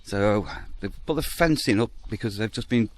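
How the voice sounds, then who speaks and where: A vlogger takes a casual walking tour of an outdoor farm park, chatting at normal speed as he goes. He talks fondly to the animals in a higher voice, and the recording carries a little hiss or hum.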